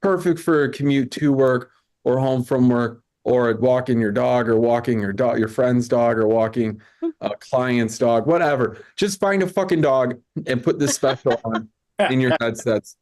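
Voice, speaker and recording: A man's voice: mid-range voice, darkish tone. A man hosting an online comedy show over a video call, chatting loosely with many stammered restarts. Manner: rambling, stammering restarts, quick asides. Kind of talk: casual live-stream banter. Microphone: video call mic.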